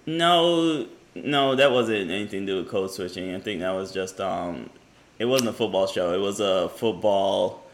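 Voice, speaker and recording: A man's voice: sits low, normal speed. A man co-hosting a podcast, talking casually, hedging and pushing back in a debate. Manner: relaxed, hedging with fillers, pushes back. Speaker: podcast co-host.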